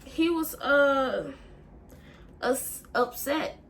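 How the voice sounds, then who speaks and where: A young woman telling an emotional story in a halting way, full of fillers and swearing, and fighting back tears. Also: high-pitched, expressive, fairly bright tone. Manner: halting, with many fillers and profanity. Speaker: vlogger.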